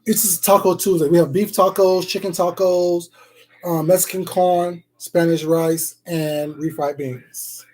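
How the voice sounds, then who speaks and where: A man's voice: high-pitched, steady tone, a little slow, darkish tone. Chatty man eating live for viewers. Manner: chatty, calls viewers baby and sweetheart, hums while eating. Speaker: food vlogger on a live stream. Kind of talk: casual eating livestream chat.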